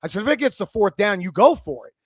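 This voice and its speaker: A man's voice: sits high, big pitch swings, quick pace, husky, dry recording, studio quality. A man in his forties hosting sports radio, talking with passion and some swearing. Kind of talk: excited sports radio talk.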